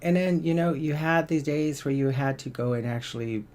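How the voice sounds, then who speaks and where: A man's voice: fairly high pitch, level tone, moderate pace, a little mellow. A man giving a casual motivational talk on self-help, rambling a little and repeating words as he searches for the next thought.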